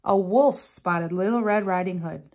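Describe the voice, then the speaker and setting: A woman reading a children's picture book aloud in a gentle, measured storytelling manner. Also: lowish voice.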